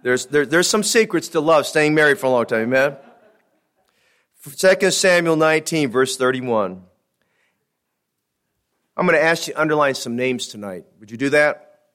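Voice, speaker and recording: A male pastor preaching a sermon, telling a folksy joke and then reading scripture slowly and emphatically. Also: a little high, expressive, fairly bright tone.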